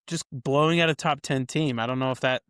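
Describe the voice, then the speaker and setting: A man's voice: mid-range voice, fairly even intonation, brisk, fairly bright tone, smooth, dry recording, studio quality. A man co-hosting a casual sports podcast, explaining rating numbers at length and building his case step by step. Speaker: co-host of a college football ratings show.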